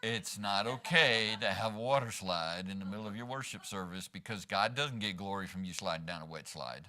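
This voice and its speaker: Preaching briskly in a fairly low voice that sounds pushed and bright, this pastor addresses his congregation in a church sanctuary. He keeps things conversational and keeps tossing in a rhetorical "right?".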